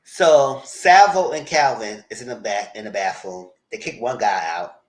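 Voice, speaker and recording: A man's voice: medium pitch, normal speed. A man giving a casual live recap of a TV episode, talking straight to his viewers and acting out the characters' lines as he goes. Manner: animated, acts out characters' lines in quotes; chatty, addresses viewers directly. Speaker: TV show reviewer.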